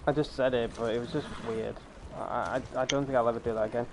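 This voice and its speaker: A gaming streamer chats casually over gameplay through a headset mic, rambling with lots of fillers and restarts. He has a steady mid-range voice and talks fast, with a little hiss or hum present.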